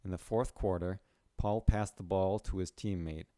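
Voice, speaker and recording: A man with a notably low voice narrates a short story in a plain, steady reading. The recording is dry and close, with no room sound at all. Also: moderate pace, dry recording. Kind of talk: scripted narration.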